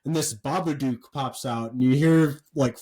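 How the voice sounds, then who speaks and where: A man's voice: mid-range voice, moderate pace, rough recording. Rambling, swearing podcast guy. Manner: rambling, animated storytelling with frequent "like" and profanity. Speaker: podcast co-host. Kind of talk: casual chat.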